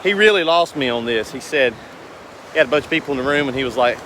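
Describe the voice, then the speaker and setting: A man with a mid-range voice talks quickly and with lively intonation, his tone fairly bright over slight background noise. He's a business owner vlogger chatting casually to the camera, rambling in an earnest, folksy way to his viewers.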